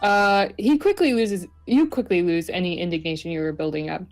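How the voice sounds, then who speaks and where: A woman's voice: lowish voice, a little fast, soft background music. Woman host reading game text aloud, giggly and rambling, casual. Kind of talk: casual gaming chat with narration.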